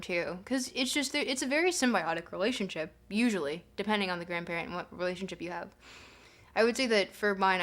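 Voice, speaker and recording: A young adult woman streamer in casual chat with her viewers, rambling with fillers and breaking into playful, excited bursts. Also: medium pitch. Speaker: livestreamer reading chat.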